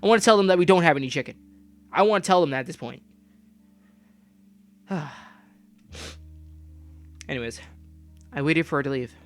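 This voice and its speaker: A young man reading a game story aloud and breaking off into profane, loud comments. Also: on the high side, lively intonation, moderate pace, pauses often, a little hiss or hum. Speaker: gamer reading a visual novel aloud.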